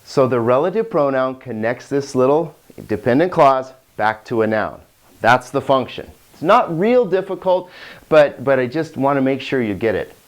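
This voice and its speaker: A man's voice: mid-range voice, animated, moderate pace. A man teaching a grammar lesson, patient and explanatory, often repeating words as he restarts his sentences. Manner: holds a cat while teaching. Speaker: Greek teacher.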